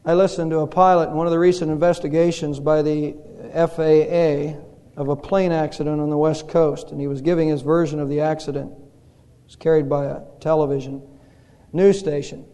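A male pastor preaching a sermon in a church, telling stories slowly and dramatically with pauses. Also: fairly high pitch, flat delivery, mellow. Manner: slow, dramatic storytelling with pauses. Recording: reverberant hall.

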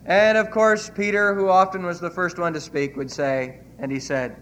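A man with a notably high voice delivers a sermon from the pulpit. He retells scripture earnestly and leans hard on key phrases. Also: fairly even intonation, moderate pace, a bit bright, slight background noise. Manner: earnest preaching, retelling scripture with emphatic quotes. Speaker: pastor.

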